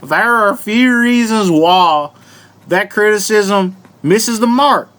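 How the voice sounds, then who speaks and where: A man putting on a slow Southern hillbilly drawl. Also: high-pitched, a bit bright. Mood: mock-earnest drawl. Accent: put-on American Southern. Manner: slow, drawn-out, deliberately stumbling reading. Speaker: vlogger. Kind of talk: comedic mock reading of an article.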